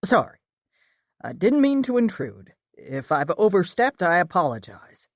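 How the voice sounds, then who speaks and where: A woman voicing a friendly, persistent Southern man in an audiobook, speaking in a soft, coaxing, apologetic way. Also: fairly low pitch, sing-song, a little slow, dry recording, clean studio sound. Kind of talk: audiobook character voice.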